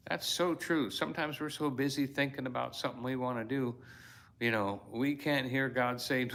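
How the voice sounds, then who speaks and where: A man's voice: mid-range voice, fairly even intonation, normal speed, fairly bright tone. A male storyteller in a reflective fireside talk, reading his own devotional in an earnest, heartfelt way with sudden exclamations.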